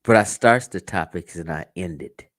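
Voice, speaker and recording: An American man hosts a livestream, talking casually and profanely to his viewers, telling stories and laughing often. His voice is deep with a fairly bright tone at normal speed, and the sound is clean studio audio with no echo.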